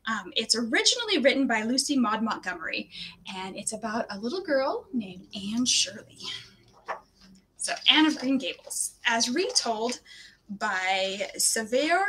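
Woman, children's storytime, cheerful, animated, expressive, bright voice. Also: fairly high pitch, a little hiss or hum. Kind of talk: children's read-aloud storytime.

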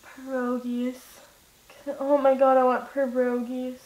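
Young woman, giddy sing-song rambling, higher voice, roomy echo. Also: completely flat delivery, takes it slowly, darkish tone, lo-fi sound. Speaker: vlogger. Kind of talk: rambling casual vlog. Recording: echoey room.

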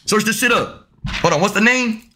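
A man's voice: high voice, moderate pace, bright, forceful tone. A young man, streaming a basketball game live, trash-talking and cursing at chat and other players. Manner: profane, trash-talking, riled up. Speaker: gaming streamer.

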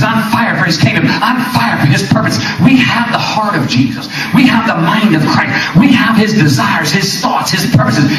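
A man preaching a fiery sermon, swinging from shouts to hushed lines and repeating words as he builds. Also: high voice. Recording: very echoey room, mic far off.

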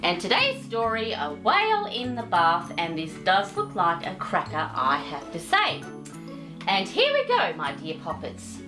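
A woman's voice: medium pitch, huge pitch swings, measured pace, music in the background. Sing-song doting woman storyteller. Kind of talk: reading a picture book aloud.

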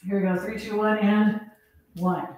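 A woman's voice: medium pitch, fairly even intonation, moderate pace, a little mellow, a little hiss or hum. A woman fitness instructor leading a live workout, counting reps aloud, out of breath and laughing at herself. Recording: echoey room, voice from a distance.

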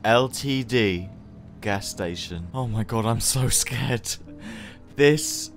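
A man's voice: slow pace, faint music behind. A man doing Franklin, a jumpy amateur sleuth. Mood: muttering detective. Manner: low, muttering detective talk that bursts into panicked yelps. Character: Franklin, a jumpy young male amateur detective. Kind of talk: comedic game voice-over.

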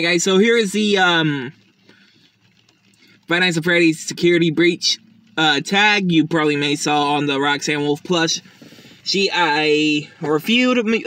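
Bright, high-voiced tired man vlogging. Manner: chatty, rambling, with restarts and fillers. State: tired, up since early morning. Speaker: YouTube unboxing host. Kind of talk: casual unboxing vlog.

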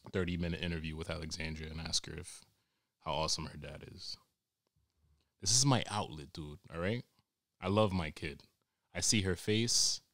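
A man's voice: deep voice, fairly bright tone, no room sound, clean studio sound. A man hosting a podcast, ranting in a rambling, crude, exasperated comic monologue, recorded at home. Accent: New York. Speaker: podcast host. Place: home during quarantine.

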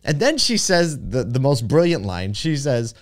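A man's voice: medium pitch, big pitch swings, normal speed. A man hosting a podcast, telling a story in a chatty way with many fillers and asides. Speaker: podcast host. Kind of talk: casual storytelling monologue.

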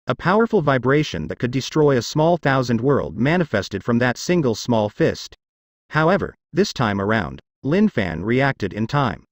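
A male audiobook narrator telling a fantasy web novel. His pitch moves freely across a wide range as he tells the story. The recording is dry, with no room sound. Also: no room sound.

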